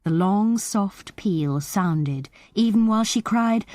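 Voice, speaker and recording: A woman narrating an audiobook of a short story in a measured, expressive way. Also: medium pitch, dry recording, studio quality.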